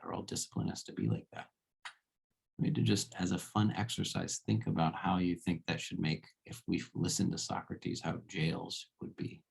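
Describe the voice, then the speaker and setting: A man's voice: sits low, gravelly, a little mellow, breathy edge. A man giving a casual philosophy lecture, talking conversationally and checking in with rhetorical questions.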